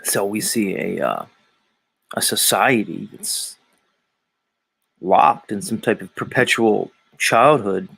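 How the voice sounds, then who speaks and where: A man with a Philadelphia accent hosts a casual livestream and talks slowly and wryly about whatever crosses his mind. His voice is gravelly and low-key. It sounds close and dry, with no room around it. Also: animated, a bit bright, dry recording, poor audio. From Philadelphia area, US. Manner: sardonic, musing, wanders off on tangents. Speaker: show host.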